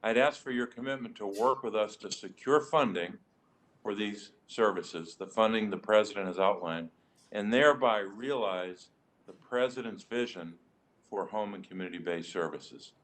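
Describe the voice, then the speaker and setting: A senator speaks at a committee hearing, working through prepared remarks in a measured way and stressing key words. His voice sits a little low. He sounds steady and emphatic. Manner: measured, emphatic speech-making. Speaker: senator questioning nominees.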